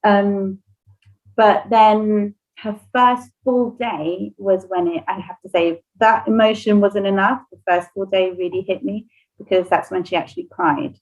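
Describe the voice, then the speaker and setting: A woman's voice: mid-range voice, unhurried, highs cut off. Emotional woman telling a personal story. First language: Spanish. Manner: emotional, animated, laughs often. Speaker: podcast host and nursery owner.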